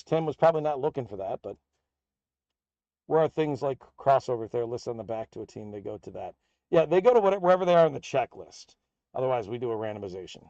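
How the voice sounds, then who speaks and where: An American man runs a live card break, announcing player names and teams in an upbeat, steady patter as packs get opened. His pitch is medium, and the audio is dull with no room sound.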